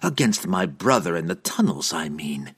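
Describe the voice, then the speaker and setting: A man's voice: on the low side, huge pitch swings, unhurried, a little mellow, breathy edge, exaggerated voice. A man voicing a cold elf priestess. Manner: cold, sarcastic, commanding. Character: cold scheming female dark elf priestess.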